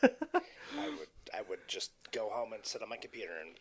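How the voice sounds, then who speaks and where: A man co-hosting a podcast in casual chat, getting lively and swooping up high when he acts out scenes. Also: a little fast. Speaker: podcast co-host.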